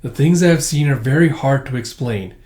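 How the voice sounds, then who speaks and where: Excitable male space colonel, blunt, higher voice, a man reading it, echoey room. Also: a little fast, lightly acted. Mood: solemn. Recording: roomy echo.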